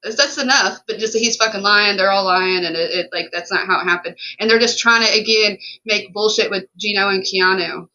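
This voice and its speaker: Podcast co-host, woman; bright, forceful voice, swears a lot, talks in heated run-ons. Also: mid-range voice, highs cut off. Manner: emphatic and profane, rapid run-on storytelling. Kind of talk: casual podcast storytelling.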